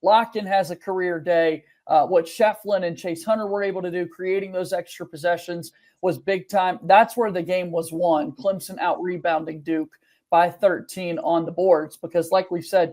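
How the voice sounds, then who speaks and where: High-voiced male co-host, rambling casual game recap with fillers. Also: darkish tone. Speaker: podcast co-host.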